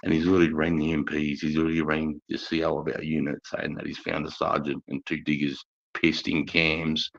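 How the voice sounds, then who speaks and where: A middle-aged Australian man telling rowdy army stories in a coarse, profane, animated way on a casual live stream. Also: extremely low pitch, fairly quick, creaky. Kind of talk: casual storytelling chat. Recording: dull lo-fi stream audio.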